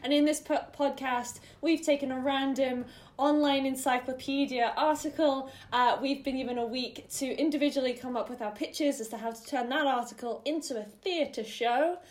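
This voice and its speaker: A woman hosting a casual theatre podcast, quick and often sarcastic, laughing between lines. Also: high voice, fairly even intonation. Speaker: podcast host.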